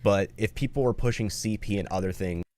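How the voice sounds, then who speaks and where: A man's voice: fairly low pitch, fairly quick, darkish tone, no echo, studio quality. A man making a commentary video, appealing earnestly to viewers and swearing often. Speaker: video creator.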